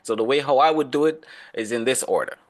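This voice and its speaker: A man's voice: medium pitch, fast talker. A man teaching an online class, explaining and calling on students by name in a casual, conversational way. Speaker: instructor.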